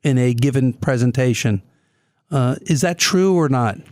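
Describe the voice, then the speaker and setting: A man of ordinary pitch hosts a business podcast, asking casual questions and often restarting his phrases. His voice is recorded close and dry. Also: expressive, normal speed, darkish tone, dry recording.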